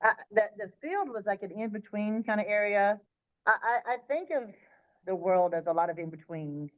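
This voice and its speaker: A woman's voice: mid-range voice, muffled recording. A woman, an interview guest, vividly recounting a childhood spiritual experience. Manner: vivid, animated, quick, sometimes restarting. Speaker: guest sharing her near-death experience. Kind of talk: personal storytelling in an interview.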